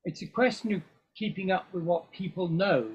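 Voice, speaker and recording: The guest here is an older English musician whose high voice has a breathy edge and moves at a normal speed. In this casual interview chat he rambles, often saying um and starting over, all captured on a dull lo-fi recording.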